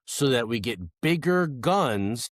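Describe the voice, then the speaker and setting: Male co-host, jokey deadpan banter, lively pitch, dry close mic. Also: slow pace, no room sound. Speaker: podcast co-host. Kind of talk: casual movie review chat.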